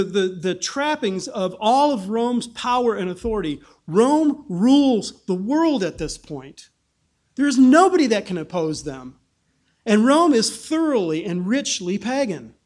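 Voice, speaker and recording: A man preaching a sermon in an animated way, often restarting phrases and acting out the people he quotes. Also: high-pitched. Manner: animated, acts out quoted voices, frequent restarts.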